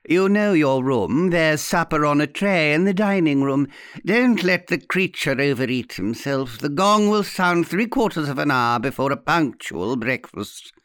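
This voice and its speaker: A man's voice: a little high, animated, unhurried, a bit bright, no room sound, clean studio sound. A man voicing a sly, overbearing old woman in an audiobook, teasing and imperious. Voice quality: mocking, croaky. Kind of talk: audiobook character voice.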